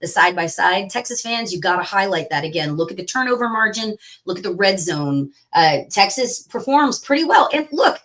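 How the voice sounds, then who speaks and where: A woman co-hosts a casual sports podcast at a middling pitch. She talks emphatically and lets sarcastic asides slip in. She sounds loose and conversational. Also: very animated, normal speed, hardly any pauses, a bit bright. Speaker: podcast co-host.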